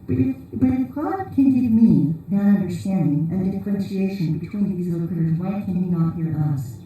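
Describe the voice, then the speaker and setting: With a medium-pitched, mellow voice, this conference speaker talks briskly and animatedly as she tells rambling, humorous stories during a casual sermon. The large church hall makes the recording very echoey, and she sounds far from the mic.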